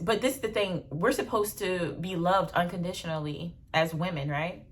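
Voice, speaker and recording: A young adult woman, telling stories in a blunt, animated casual vlog with slang and swearing. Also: on the low side, moderate pace, few pauses. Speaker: vlogger.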